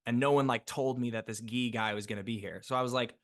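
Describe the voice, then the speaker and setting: Guy actor on a podcast, spinning a story, lots of um and like, mid-pitched. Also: fast. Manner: animated, chatty storyteller with frequent fillers and restarts. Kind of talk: casual storytelling interview.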